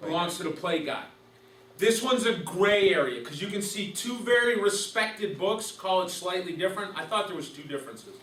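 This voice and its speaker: A man's voice: high voice, lively intonation, moderate pace, fairly bright tone. A man teaching a class of umpires in a conversational lecture, asking questions and repeating key points. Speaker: umpire instructor. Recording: roomy, distant mic, faint hiss.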